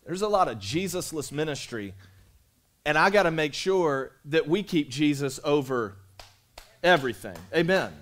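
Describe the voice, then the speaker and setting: A man's voice: a little high, lively intonation, moderate pace, fairly bright tone. A man pastor preaching a sermon to his congregation in a casual, conversational way, repeating phrases and calling out to the crowd. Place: church sanctuary.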